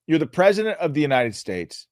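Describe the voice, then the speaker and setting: A male show host giving an emphatic, earnest political commentary monologue, his voice going hoarse. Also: a little high, very animated, a little fast, no room sound, clean studio sound. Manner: emphatic, earnest, rising to loud peaks. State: losing his voice.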